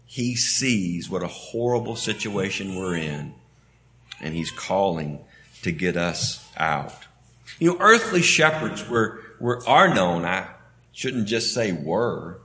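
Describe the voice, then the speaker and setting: A male preacher with a Southern American accent delivers a sermon in a relaxed, conversational manner. His pitch sits in a mid range. He often restarts phrases and then lifts his pitch and volume for emphasis.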